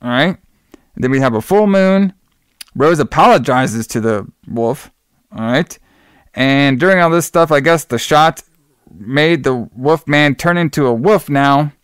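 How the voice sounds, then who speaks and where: A man's voice: fairly high pitch, a little slow, clear, resonant tone, dry recording, clean studio sound. A man co-hosting a podcast, loosely and crudely retelling a film's plot. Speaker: podcast co-host. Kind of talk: casual movie recap.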